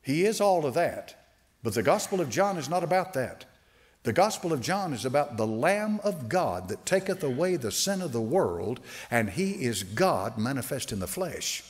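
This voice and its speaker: A man preaching a sermon to a congregation. He slows right down to stress quoted scripture and often restarts his sentences with fillers. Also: medium pitch, big pitch swings. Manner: emphatic preaching with slow drawn-out quotes. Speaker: pastor.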